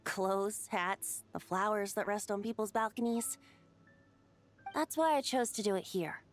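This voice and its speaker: A woman's voice: medium pitch, a little slow, faint music behind, close to an everyday voice. A woman voicing a playful young male bard who is a wind god, speaking as a lilting, teasing storyteller in a video game. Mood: solemn.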